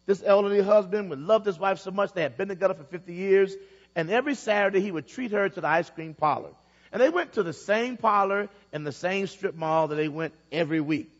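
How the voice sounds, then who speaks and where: High-voiced preacher in an echoey hall. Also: male voice, brisk, dull audio. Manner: storytelling preacher, repeats phrases, builds emphasis. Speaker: pastor. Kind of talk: sermon.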